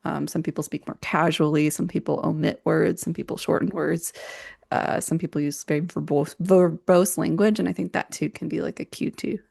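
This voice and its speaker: A woman's voice: sits low, fairly even intonation, moderate pace, gravelly, a little mellow, slightly rough, no echo, clean studio sound. A woman writer co-hosting a podcast, chatting casually and telling stories with lots of "like" fillers. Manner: chatty, many "like" fillers, storytelling.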